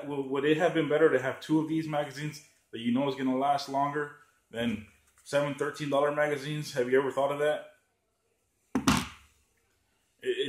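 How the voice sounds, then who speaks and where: A man's voice: medium pitch, a little mellow. A man ranting in a profane, sarcastic vlog, often mocking others by raising his voice. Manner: heated, sarcastic, swears a lot, mocks others in a raised voice. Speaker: gun channel vlogger. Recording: echoey room.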